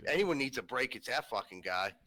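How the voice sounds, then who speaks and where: A man with a thick Pittsburgh accent leads casual podcast banter. His voice is mid-pitched and bright, and he swears and laughs as he stirs up debate. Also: animated, normal speed. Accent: strong Pittsburgh. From Pittsburgh, USA. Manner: profane, laughing, provocative. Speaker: podcast host. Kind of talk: casual banter among friends.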